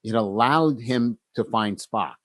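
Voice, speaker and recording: A man's voice: fairly low pitch, takes it slowly, fairly bright tone, no room sound. A man co-hosting a casual podcast, talking reflectively with many fillers and restarts. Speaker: podcast co-host.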